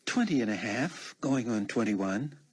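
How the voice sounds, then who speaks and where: A man voicing a teasing young woman college student, bright and quick-witted. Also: mid-range voice, animated, slightly rough, pitched above the performer's own voice. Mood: playful.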